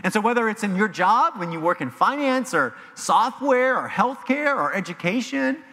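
A man preaching a sermon as pastor, animated and emphatic, in a church sanctuary with long reverb. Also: high voice, normal speed. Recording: long reverb of a large hall.

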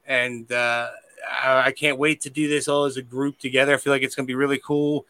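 A man hosting a podcast in rambling, profane, affectionate chat. His voice is bright and resonant, a little higher than most men's. The sound is dry with no room around it. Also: little pitch movement, fairly quick, no echo. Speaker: podcast host. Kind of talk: casual chat.

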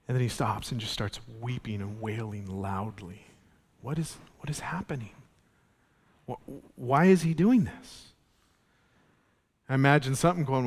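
A male pastor giving an earnest, animated sermon, repeating his points. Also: mid-range voice, normal speed, long reverb tail. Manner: earnest, animated preaching with laughs and repetition.

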